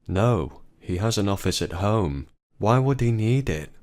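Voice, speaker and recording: A man's voice: animated, unhurried. A man voicing a frantic, pleading wife. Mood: puzzled. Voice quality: low voice pushed higher for a woman. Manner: pleading, then shouting. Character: distraught adult woman confronting her husband.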